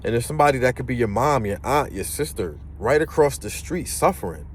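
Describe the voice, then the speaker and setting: Young guy telling a story from his day, middle pitch, does little voices for people, faint traffic behind him. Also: fairly quick, few pauses. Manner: animated, acts out voices in the story. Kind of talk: casual storytelling.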